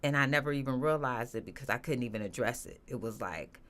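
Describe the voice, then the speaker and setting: A woman telling her personal story as a guest, earnest and halting, with many restarts and fillers. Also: a bass voice, expressive, fairly bright tone. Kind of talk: emotional personal testimony.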